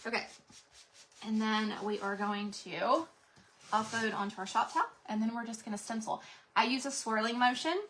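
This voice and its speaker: A woman's voice: fairly high pitch, fairly even intonation, moderate pace, a bit bright, a little hiss or hum. A woman hosting a live craft stream, chatting casually and greeting viewers by name while she paints, a bit out of breath. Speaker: craft livestream host. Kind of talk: live craft demonstration chat.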